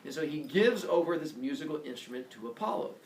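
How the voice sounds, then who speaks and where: A man's voice: fairly high pitch, animated, quick pace, distant mic, a little hiss or hum. A male teacher animatedly telling myths to his class and acting out the characters, recorded from afar in a classroom. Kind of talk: classroom myth storytelling. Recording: roomy classroom heard from afar.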